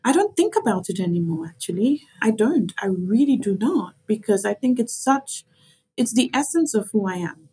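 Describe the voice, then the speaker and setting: A woman's voice: medium pitch, very animated, moderate pace, warm tone, breathy edge, poor audio. A woman from Grenada with a mixed Caribbean and English accent, a lawyer speaking reflectively and with emphasis as a podcast guest. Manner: reflective, emphatic, repeats herself. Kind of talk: podcast interview.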